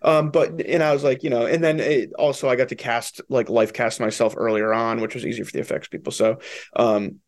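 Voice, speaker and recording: Casual: fast talking guy, gravelly voice, director rambling w lots of cussing. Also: medium pitch, fairly even intonation. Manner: rambling, profane, lots of fillers. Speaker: film director and writer. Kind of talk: casual interview talk.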